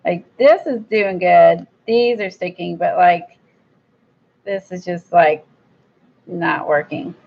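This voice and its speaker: A woman's voice: on the low side, takes it slowly, gravelly, pauses often. A woman chatting casually while she crafts, blunt and rambling, with an admittedly impatient streak. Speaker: crafter vlogger. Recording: dull lo-fi recording.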